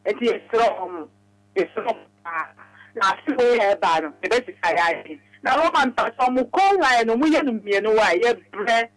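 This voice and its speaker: A woman with a Ghanaian accent calling in to a radio show, rambling quickly in a mix of Twi and English. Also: fairly high pitch, expressive, no room sound, poor audio. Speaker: radio caller. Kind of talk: phone-in talk.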